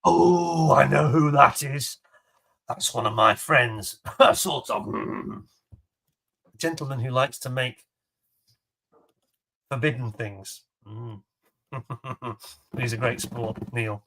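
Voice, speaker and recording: A man's voice: medium pitch, slow, pauses often, sharp tone. A man hosting a charity model kit auction in casual chat, laughing often and talking up each kit with enthusiasm. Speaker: auction host showing model kits. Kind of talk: casual live-stream chat.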